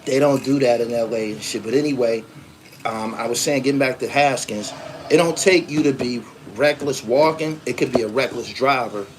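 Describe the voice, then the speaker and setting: A middle-pitched man from the East Coast talks loosely and profanely as he reads out comments from his audience. He acts out the people in his stories. A faint noise hums under the recording. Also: moderate pace. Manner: loose, profane storytelling with acted-out voices. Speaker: podcast host. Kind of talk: casual livestream chat reading comments.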